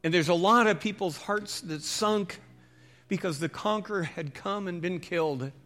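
A male pastor preaching a sermon, telling the story with loud calls and dropping to a hushed voice for prayer. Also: high voice, moderate pace, faint music behind.

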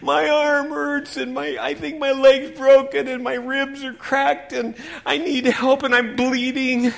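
A man's voice: extremely high pitch, little pitch movement, unhurried, creaky, pitched above the performer's own voice, heavily acted. A man voicing a beaten, injured male traveler who pleads for help in a raised, strained voice during a storytelling sermon. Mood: pleading.

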